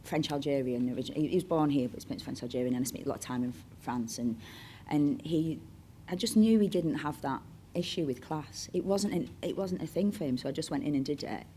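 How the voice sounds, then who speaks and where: An actress from Bolton in Northern England, speaking with a Bolton accent, chats anecdotally as an onstage interview guest, digressing freely and acting out the voices of people she quotes. Her voice is low, a little fast and dark, with slight hiss or hum.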